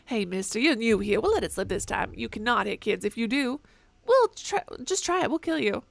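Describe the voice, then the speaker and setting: A woman voicing a brash, fearsome village kid in a put-on Southern accent, talking in a loud, bossy, threatening way. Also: a little high, very animated, fairly quick, gravelly, no echo, full character voice.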